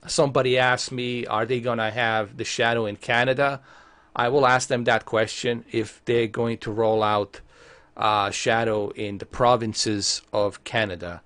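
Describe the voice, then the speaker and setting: A man's voice: medium pitch, a bit bright, dry recording. A man chatting casually on a live stream who often breaks into heated, profane rants, with many fillers. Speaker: tech streamer.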